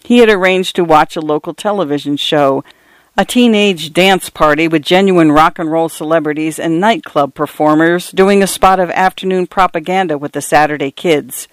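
A man narrating literary fiction in a measured, wry storytelling delivery. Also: a little high, smooth, no echo. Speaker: audiobook narrator.

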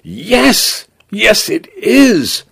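A man voicing a cheerful, once-fussy robot grocery store that has taken in a dog, in a bright, fond manner. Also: high-pitched, very animated, very slow, gravelly, breathy edge, no echo, voice pushed up, heavily acted. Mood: cheery.

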